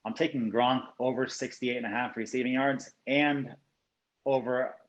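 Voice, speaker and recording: A man from South Florida, a professional sports bettor, giving his picks as a podcast guest in a steady, measured way with frequent "you know" and "um". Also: medium pitch, poor audio. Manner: steady, measured, uses 'you know' and 'um' often. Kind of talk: casual podcast interview.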